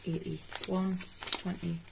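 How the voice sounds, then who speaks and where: A woman's voice: lowish voice, level tone, takes it slowly. A woman with a Geordie accent, chatting casually and talking to herself while she counts out cash for her budget. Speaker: budgeting vlogger. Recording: clear background noise with rustling notes.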